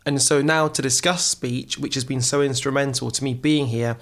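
A man's voice: mid-range voice, fairly even intonation, moderate pace. Earnest male TV presenter telling stories. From England. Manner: earnest, reflective storytelling. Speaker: TV presenter, guest. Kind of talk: conversational interview.

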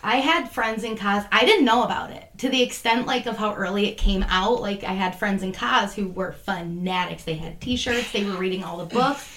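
A woman co-hosting a podcast in casual chat, her voice croaky and hoarse, talking in a bubbly, animated way. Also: medium pitch, moderate pace, hardly any pauses, echoey room. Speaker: podcast co-host.

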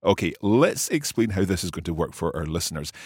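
A man's voice: low-pitched, sing-song, a little fast, breathy edge, no echo, studio quality. A middle-aged man hosting a language lesson podcast, curious and good-humoured, asking lots of questions. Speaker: podcast host and learner. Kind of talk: scripted language lesson chat.

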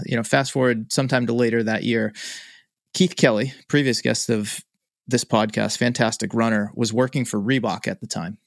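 Gravelly-voiced male podcast host. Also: medium pitch, no room sound, studio quality. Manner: relaxed storytelling, reads sponsor outro. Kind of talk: conversational podcast interview.

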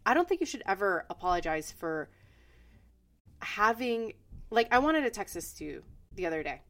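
A woman's voice: mid-range voice, big pitch swings, moderate pace, fairly bright tone. A woman co-hosting a podcast in casual chat, blunt and frank and swearing freely. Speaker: podcast co-host.

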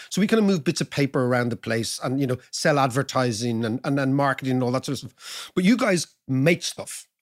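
A man from Ireland, hosting an interview in a chatty, jokey and emphatic way. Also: a little high. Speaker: host. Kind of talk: casual interview chat.

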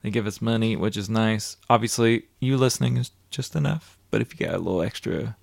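A woman's voice: extremely low pitch, a little fast, gravelly, no room sound. A woman co-hosting a podcast, chatting in a laid-back, rambling way and reading out listener thanks. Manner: laid-back, rambling, reads shout-outs. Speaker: podcast co-host. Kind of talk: casual chat.

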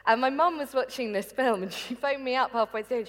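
A woman's voice: on the high side, a little fast, hardly any pauses, long reverb tail. A woman, a documentary presenter and academic, chatting casually and laughing as she tells behind-the-scenes stories. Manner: lively, laughing storyteller.

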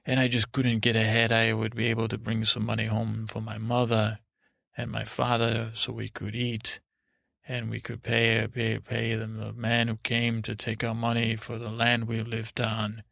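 A man voicing an earnest self-made man who slowly and reflectively recalls a hard, poor youth in a bedtime story. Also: on the low side, completely flat delivery, vocal fry, a bit bright, no echo, studio quality.

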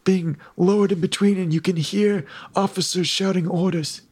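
A man's voice: high voice, fairly even intonation, normal speed, darkish tone, husky, dry recording. A man narrating a tabletop game as game master, playful and teasing with his players.

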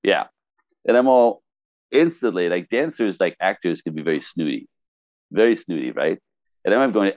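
A low-voiced, middle-aged French Canadian man with a matching accent tells an animated story as a podcast interview guest, speaking at normal speed. He laughs frequently and impersonates people when quoting them, and there's no room sound.

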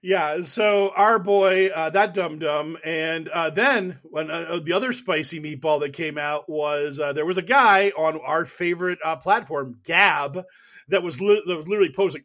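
A podcast co-host with a fairly high, fairly bright voice talks at a moderate pace. He chats casually and mockingly about political news in a comedic way, laughing often and rambling with fillers.

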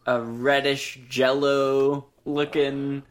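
A man co-hosting a podcast, talking through a film in a relaxed, thoughtful way. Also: mid-range voice. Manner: unhurried, thoughtful, mild disagreement. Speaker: podcast co-host. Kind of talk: casual movie discussion.

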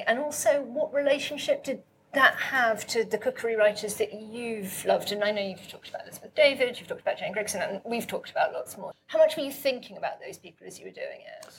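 A woman's voice: on the high side, lively intonation, fairly quick, slight background noise. A woman interviewer asking curious, friendly questions in a conversation.

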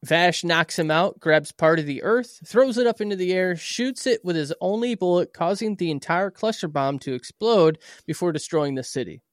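A man's voice: high voice, expressive, moderate pace, hardly any pauses, dry recording, studio quality. A man co-hosting a podcast, summarizing episodes in a loose, casual way with plenty of swearing. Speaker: podcast co-host recapping episodes.

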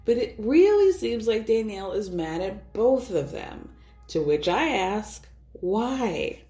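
A woman's voice: medium pitch, very animated, takes it slowly, dark tone, soft background music. Chatty, sarcastic woman podcast host. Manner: chatty, sarcastic, swearing freely. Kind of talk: casual recap commentary. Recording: roomy echo.

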